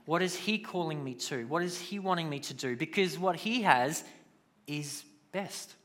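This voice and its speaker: A man's voice: a little high, animated, moderate pace, a bit bright. A man preaching a sermon in a conversational way, with casual asides. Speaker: pastor.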